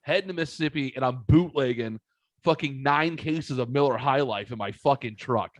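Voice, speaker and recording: A man's voice: mid-range voice, moderate pace, no echo. A man in his twenties hosting a podcast, telling a profane story in casual chat and acting out the voices of people in it. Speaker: podcast host.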